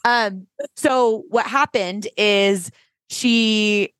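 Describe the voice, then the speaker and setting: A woman podcast host in casual chat, telling a story with effusive, animated energy and acted-out quotes. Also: mid-range voice, very slow, smooth, no room sound.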